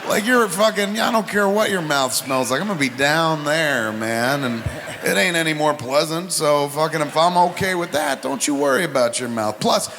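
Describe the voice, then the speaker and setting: Middle-aged male podcast host, crude animated storyteller, slight hall echo, faint background noise. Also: a little high, moderate pace, few pauses. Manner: profane, animated anecdotes. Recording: live hall with reverb.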